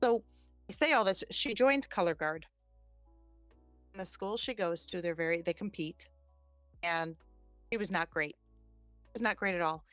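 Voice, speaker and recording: A woman in her forties, a podcast host, telling a personal story in an animated, chatty way. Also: fairly low pitch, measured pace, pauses often, no echo, faint music behind. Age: 40s. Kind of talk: casual storytelling chat.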